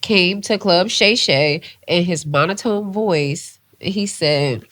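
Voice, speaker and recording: Speaking slowly in a fairly low voice, a female podcast co-host chats casually and tells animated stories. Her talk is sprinkled with swearing and plenty of "like" and "child".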